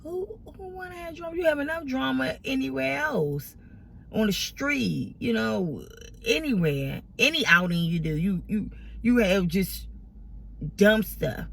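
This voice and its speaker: A woman with a medium-pitched, sing-song voice speaks unhurriedly, with vocal fry and a breathy edge. Vlogging to her followers, she vents emotionally about family drama, tearful and exasperated, rambling and restarting again and again.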